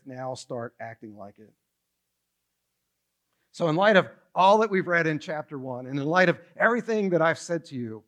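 A man preaching a sermon from a stage, lively and acting out the story, with some stammered restarts. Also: on the high side. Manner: animated, acts out dialogue, some stammering restarts. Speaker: pastor. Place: church stage.

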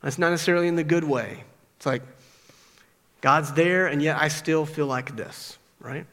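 A man's voice: on the high side, moderate pace, fairly bright tone. A man preaching a sermon as pastor, conversational, often adding "like" and "right?" as he talks to the congregation. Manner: conversational, frequent "like" and "right?" asides. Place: church sanctuary. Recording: long reverb of a large hall.

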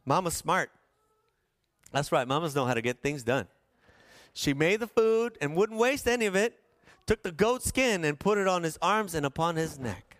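A man preaching a sermon in a slightly higher voice, telling a scripture story with playful asides and asking the congregation questions. The sound is close and dry, with little room echo. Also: expressive, normal speed, a bit bright. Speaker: pastor.

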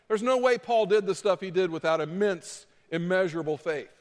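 A man preaching a sermon as pastor, dramatic, moving between loud pleading and quiet asides. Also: high voice, fairly quick, long reverb tail.

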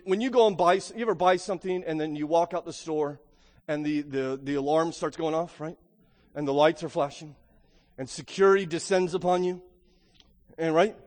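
Brief: male pastor, high voice, emphatic sermon delivery, long hall reverb. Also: a little mellow. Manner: emphatic, rhetorical questions, frequent "right?". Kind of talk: Easter sermon preaching.

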